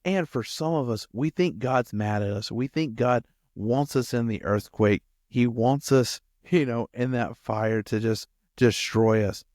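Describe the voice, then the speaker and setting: A male campus pastor giving a lively sermon who acts out quotes and addresses his listeners directly. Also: medium pitch, a little slow, hardly any pauses, no echo, clean studio sound.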